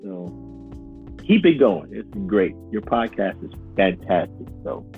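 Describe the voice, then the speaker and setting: A man co-hosting a podcast in casual chat, animated and joking, laughing often. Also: low-pitched, a little slow, narrow, tinny audio, faint music behind. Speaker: podcast co-host.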